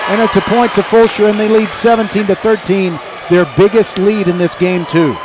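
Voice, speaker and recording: High-voiced man calling volleyball courtside. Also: moderate pace. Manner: excited, self-correcting, chatty. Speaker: play-by-play announcer. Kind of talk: live sports commentary. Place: courtside table in a gym. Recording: noisy gym with crowd. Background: crowd and ball bounces.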